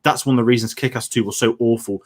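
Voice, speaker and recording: A man's voice: mid-range voice, fairly even intonation. A man making a heated case in a podcast debate, pushing his points hard. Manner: fast, forceful arguing.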